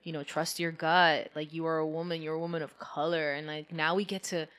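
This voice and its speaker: A woman hosting a casual chat, emotional and expressive, swearing freely. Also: low-pitched, fairly quick. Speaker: host.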